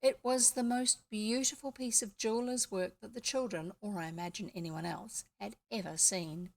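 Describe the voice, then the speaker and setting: A woman's voice: medium pitch, moderate pace, vocal fry. A woman with a New Zealand accent reading a classic children's book aloud, with chatty asides. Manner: lively storytelling with chatty asides. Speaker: audiobook reader.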